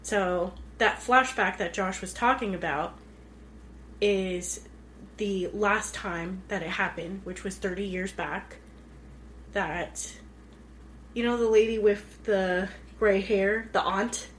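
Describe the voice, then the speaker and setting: A woman's voice: mid-range voice, steady tone, slow, a little hiss or hum. Chatty woman podcast co-host. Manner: chatty, retells scenes with many "like"s. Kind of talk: casual chat.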